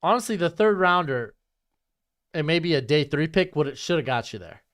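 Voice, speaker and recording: A man's voice: fairly high pitch, big pitch swings, normal speed, fairly bright tone. A young man hosting a live-streamed mock draft, talking casually and bluntly and mocking bad trades.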